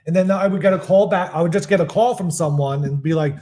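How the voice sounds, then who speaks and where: A man's voice: high voice, fast, darkish tone. A man with a New York accent co-hosting a live comedy podcast, chatting in a laid-back, rambling way with lots of fillers. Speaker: podcast co-host. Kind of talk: casual comedic chat.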